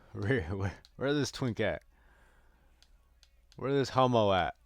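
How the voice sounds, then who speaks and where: Excitable, foul-mouthed young man gaming. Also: lowish voice, slow pace, dry recording, clean studio sound. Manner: profane, excitable, bursts into yelling. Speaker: gaming video creator. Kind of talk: casual gameplay commentary.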